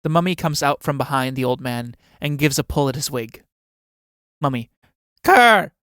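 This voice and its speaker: A man reading aloud the stage directions of a play in an even, measured way. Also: mid-range voice, clear, resonant tone, no echo, studio quality. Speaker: audiobook reader.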